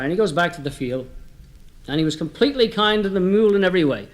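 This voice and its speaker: A man with a fairly high voice spins homespun jokes for a comedy record. His telling is chatty and easygoing, and he turns often to his listeners as he goes. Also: expressive, quick pace. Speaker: comedy storyteller.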